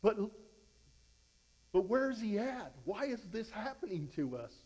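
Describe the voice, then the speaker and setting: A man's voice: high voice, very animated, unhurried, a little mellow, low-quality recording. A man preaching a verse-by-verse sermon as a pastor, fervent and exhorting, conversational with frequent restarts. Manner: fervent, exhorting, voice rises when fired up.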